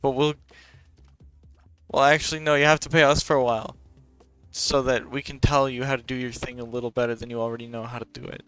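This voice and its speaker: A man's voice: medium pitch, little pitch movement, brisk, a bit bright, clear, resonant tone, soft background music. A young man, talking in a casual, rambling and profane way as a podcast host.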